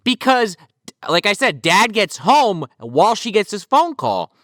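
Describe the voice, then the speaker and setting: A man's voice: high-pitched, big pitch swings, unhurried, a bit bright, no echo, clean studio sound. A man co-hosting a casual film review podcast who makes joking, incredulous asides. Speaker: podcast co-host.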